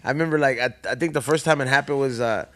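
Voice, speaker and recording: A man co-hosting a podcast, chatting casually in fast, profane slang. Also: mid-range voice, a bit bright. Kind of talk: casual chat.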